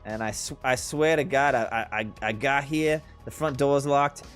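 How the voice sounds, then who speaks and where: A man voicing a rough male construction manager with a Boston accent, stammering and clipped. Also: mid-range voice, moderate pace, faint music behind, lightly acted. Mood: gruff.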